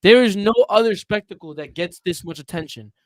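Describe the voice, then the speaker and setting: A young man co-hosting a casual sports podcast, talking in an animated way, quick to laugh and push back. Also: high voice, no echo. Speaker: podcast co-host.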